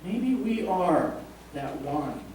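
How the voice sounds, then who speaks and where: A man's voice: high-pitched, big pitch swings, drawn-out words, darkish tone. Male pastor, sermon, conversational, heard from afar, roomy reverb, faint hiss. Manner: conversational, jokes with the congregation. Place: church sanctuary. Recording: echoey church from a distant mic.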